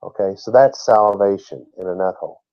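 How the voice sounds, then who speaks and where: A man's voice: lowish voice, a little fast. Guy teaching bible verses sermon style, leans hard on words, muffled lo-fi sound. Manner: emphatic, laughs at his own slips.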